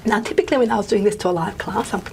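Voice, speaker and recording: A woman's voice: medium pitch, rapid-fire, creaky, a little mellow, slight background noise. A woman giving a pre-recorded linguistics lecture, thinking aloud and dropping to a murmur as she writes on the board. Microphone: microphone she wears.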